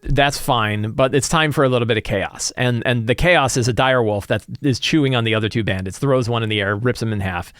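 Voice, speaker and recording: A man's voice: medium pitch, a little fast, clear, resonant tone, dry recording, clean studio sound. Chatty man recapping a game session. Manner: animated storyteller, loose and chatty, many fillers like "like". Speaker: game master and tabletop RPG content creator. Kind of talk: casual recap and campaign-prep chat.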